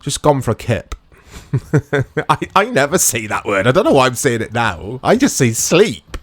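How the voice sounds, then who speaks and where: A man's voice: medium pitch, very animated, moderate pace, a bit bright, no echo. A British man hosting a gaming channel, giving casual, rambling, self-deprecating commentary while he plays. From United Kingdom. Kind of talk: casual let's-play commentary.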